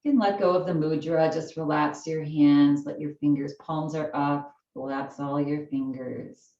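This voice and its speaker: A woman leading a gentle chair yoga class, giving soft, slow, soothing cues for breathing and stretching. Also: low-pitched, steady tone, roomy sound, distant mic, lo-fi sound.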